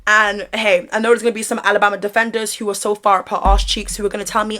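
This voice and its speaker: A woman's voice: medium pitch, flat delivery, fast talker, hardly any pauses, fairly bright tone. British girl doing a sassy grwm commentary, slangy and laughing, in her bedroom. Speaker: commentary YouTuber. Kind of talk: casual get-ready-with-me commentary.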